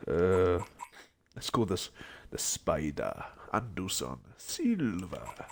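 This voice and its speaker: A man's voice: low-pitched, sing-song, takes it slowly, vocal fry, a little hiss or hum. A young man who is unwell, rambling to himself in casual gaming stream commentary. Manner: rambling, mumbling asides to himself. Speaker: game streamer.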